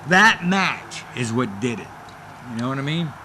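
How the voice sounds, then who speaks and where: A former wrestler in middle age, this man chats casually in an interview, telling stories and acting out what others said with lively animation. His pitch is medium, his pace moderate, and a little hiss or hum runs under the recording.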